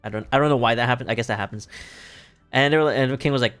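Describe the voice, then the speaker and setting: A man's voice: medium pitch, rapid-fire, fairly bright tone, soft background music. A man recapping a play on a live stream in casual talk, rambling and profane and laughing often.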